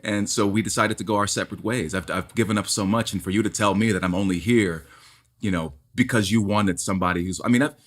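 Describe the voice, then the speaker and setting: A male stage actor with a baritone voice, talking candidly and emphatically in conversation, often repeating words as he builds a point. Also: quick pace.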